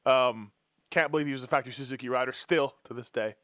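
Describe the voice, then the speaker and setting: A man hosts a casual racing podcast and keeps teasing his co-hosts. His voice is mid-pitched. The sound is dry and close. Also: quick pace, a bit bright, no echo. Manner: joking, teasing. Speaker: host.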